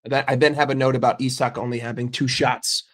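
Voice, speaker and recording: Profane, heated American football fan. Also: male voice, mid-range voice, level tone, brisk, fairly bright tone. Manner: profane, heated, emphatic repetition. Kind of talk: casual reaction rant.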